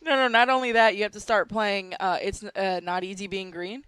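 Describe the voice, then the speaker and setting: Smooth clear voice, mid pitch, host laughing a lot in a casual chat, dry close sound. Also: level tone, moderate pace, a bit bright, no echo. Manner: giggly, eager, playful.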